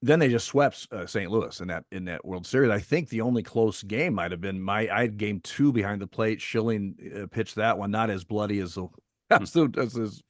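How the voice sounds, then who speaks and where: A former umpire tells stories with energy, jumping into the voices of the people he quotes. His voice sits on the low side, and the sound is dry and close with no room echo. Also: normal speed. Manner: animated storyteller, acts out quoted people. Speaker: retired umpire guest. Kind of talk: casual storytelling chat.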